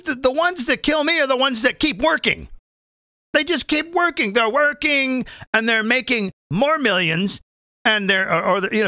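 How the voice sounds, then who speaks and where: A man's voice: extremely high pitch, bright, forceful tone, no room sound, clean studio sound. A man hosting a live comedy show, ranting in a profane, rambling, digressive way.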